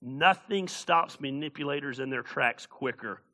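A man preaching a sermon as pastor, animated, with shouted bursts and jokes. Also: medium pitch, measured pace.

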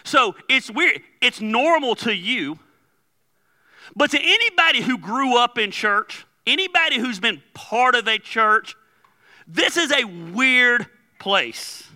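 Bright-voiced pastor telling stories. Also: male voice, very high voice, expressive, takes it slowly. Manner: conversational storytelling with laughs and quoted dialogue. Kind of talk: sermon.

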